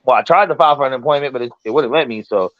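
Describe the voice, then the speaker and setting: A man hosting a casual talk show, telling a story in an animated, profane way and acting out the voices of the people in it. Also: mid-range voice, rapid-fire, dry recording, muffled recording. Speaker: podcast host.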